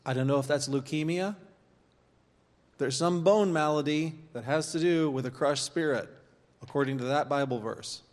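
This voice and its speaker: A man teaching an informal church course, talking conversationally with pauses and reading scripture aloud. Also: on the high side. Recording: long hall reverb.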